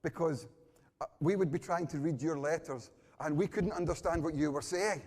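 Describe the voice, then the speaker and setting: A woman's voice: deep voice, normal speed, a little mellow. A Scottish man voicing his young daughter, earnest and cheerful, in a long-reverb hall.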